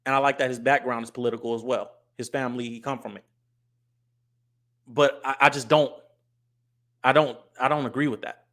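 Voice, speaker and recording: A man's voice: medium pitch, fairly even intonation, a little fast, long pauses, a bit bright. Livestream host, married man, blunt commentary delivered emphatically and with repetition. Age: adult, married. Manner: blunt, emphatic, repeats his points.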